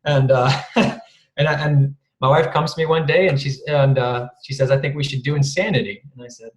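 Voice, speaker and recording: A man's voice: mid-range voice, steady tone, moderate pace. Rambling, chuckling man on a roomy call. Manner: rambling, chuckling often, swears casually. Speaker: guest speaker. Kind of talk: casual storytelling. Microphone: video call. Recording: roomy video call audio.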